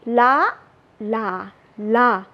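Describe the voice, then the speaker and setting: A woman from Myanmar, a native Burmese speaker with a Burmese accent, giving an informal lecture with many "like" and "you know" fillers while slowly repeating sounds to demonstrate them. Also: fairly high pitch, highs cut off. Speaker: language presenter.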